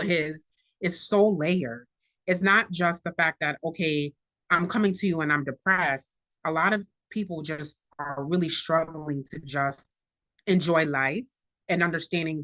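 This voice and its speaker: A woman speaking as a mental health clinician on a panel, animated and giving everyday examples. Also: sits low, dry recording. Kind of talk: panel discussion.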